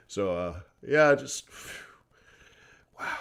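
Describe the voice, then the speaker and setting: A man's voice: mid-range voice, expressive, unhurried. A man hosting a live forex trading stream, talking casually, laughing often between loose, rambling thoughts. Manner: chatty, laughs often, fillers and restarts.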